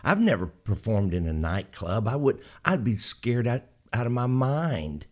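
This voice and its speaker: A man's voice: medium pitch, big pitch swings, unhurried, darkish tone. A man with a Southern accent, hosting a casual interview in a playful way and asking follow-up questions. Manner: playful, laughs easily, asks follow-up questions. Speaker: host.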